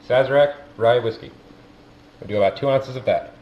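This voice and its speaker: A man talks through mixing a cocktail, step by step and unhurried. The room rings around him. The sound is dull and carries a faint hiss. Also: medium pitch. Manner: step-by-step, relaxed explaining. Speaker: cocktail maker. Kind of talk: casual instructional demo. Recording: roomy, muffled, faint background noise.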